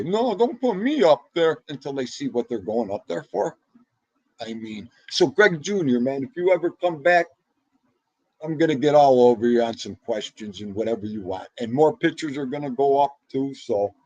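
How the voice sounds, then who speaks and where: A man hosting a livestream in casual, chatty talk, excitable, with sudden jumps up in pitch. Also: moderate pace, dry recording, dull audio. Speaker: livestream host.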